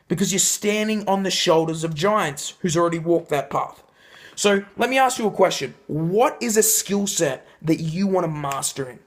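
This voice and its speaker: A young man coaching viewers in an emphatic motivational talk to camera, shifting his pitch for effect. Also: fairly bright tone. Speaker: life coach.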